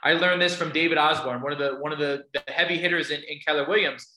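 A fast-talking motivational speaker, his voice high, steady, and sharp, tells stories to a live audience and puts questions to them. The sound is roomy and the recording rough.

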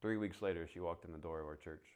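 Brief: male pastor, deep low voice, animated sermon storyteller who acts out dialogue. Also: fast, clear, resonant tone.

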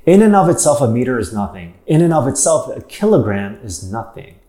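A man's voice: mid-range voice, very animated, brisk, mellow, echoey room. A man preaching a sermon, stressing points by repetition and asking rhetorical questions.

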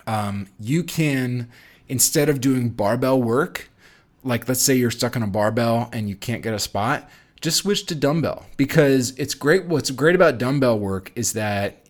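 A man hosting a casual fitness vlog. He gives strength-training advice in a chatty, animated way, full of fillers and restarts. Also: mid-range voice, unhurried. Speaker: fitness channel host.

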